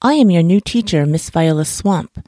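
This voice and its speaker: A woman's voice: fairly low pitch, expressive, moderate pace, dark tone, no room sound, clean studio sound, close to an everyday voice. A woman voicing a nasty, stern substitute teacher who hisses and snaps her orders. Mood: harsh, commanding. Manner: hissing, snapping, commanding.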